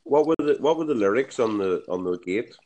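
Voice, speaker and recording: A man's voice: mid-range voice, expressive, a little fast, dark tone, slight background noise. An Irish man hosting a podcast, asking friendly, encouraging questions. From Ireland. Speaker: podcast host. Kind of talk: casual interview.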